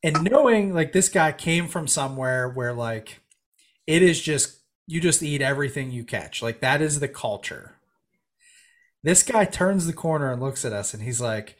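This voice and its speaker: A man's voice: mid-range voice, moderate pace. A man telling a long fishing story in casual chat, acting out the people in it. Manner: animated storyteller, acts out quoted voices. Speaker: podcast guest telling a story.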